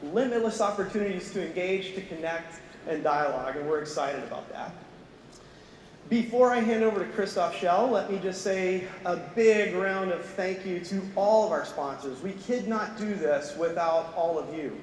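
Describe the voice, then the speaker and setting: A man's voice: high-pitched, normal speed. A man presenting at an industry event, upbeat and thankful as he introduces the next speaker. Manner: upbeat, thankful, with filler "uh" restarts. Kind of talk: conference opening remarks. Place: large conference hall on stage. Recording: echoey hall, distant mic, faint noise.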